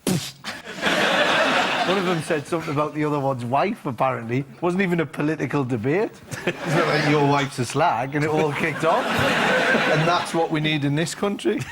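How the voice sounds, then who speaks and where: A man's voice: a little high, lively intonation, moderate pace, very noisy. A male comedian on a panel show, riffing with rambling, surreal jokes. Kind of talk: surreal comic banter.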